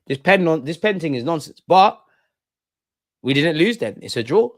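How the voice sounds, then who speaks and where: A man's voice: fairly high pitch, normal speed, no room sound. Heckling young man, watch-along. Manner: heckling, excitable, mocking penalty takers. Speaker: football fan channel host. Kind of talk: live watch-along commentary.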